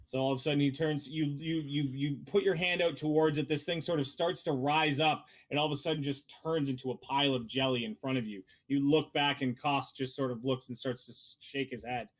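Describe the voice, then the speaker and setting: A man's voice: medium pitch, fairly even intonation, a little fast, hardly any pauses. A man running a tabletop game as game master, narrating loosely with many fillers.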